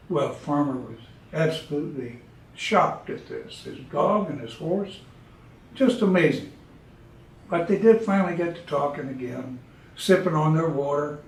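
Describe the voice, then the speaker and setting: A man, telling folksy jokes in a relaxed, drawling way. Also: a little high, moderate pace, far from the mic. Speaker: storyteller. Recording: echoey room, speaker away from mic.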